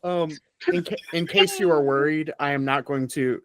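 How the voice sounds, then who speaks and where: A man's voice: a little high, moderate pace, crowd noise. A man hosting a casual podcast game show, playful and laughing often between rules.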